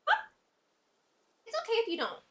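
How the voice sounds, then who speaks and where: A woman's voice: normal speed, a bit bright. A young woman streaming from her room at home, chatting casually with viewers and talking to her cat in a baby voice, with hiccups. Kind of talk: casual live-stream chat.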